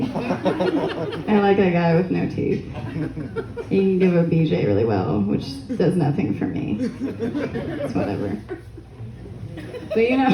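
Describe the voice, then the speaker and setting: A woman's voice: fairly low pitch, lo-fi sound. Crude, rambling young woman comic. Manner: crude, rambling, self-mocking. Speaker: stand-up comedian. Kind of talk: stand-up comedy set. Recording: echoey room with faint noise. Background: audience laughter.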